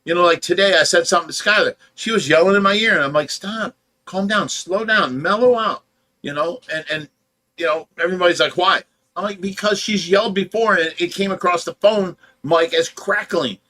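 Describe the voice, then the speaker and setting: Blunt, bright-voiced Ohio man ranting. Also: sits high, brisk. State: tired. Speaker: fish rescue livestream host. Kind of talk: casual livestream chat.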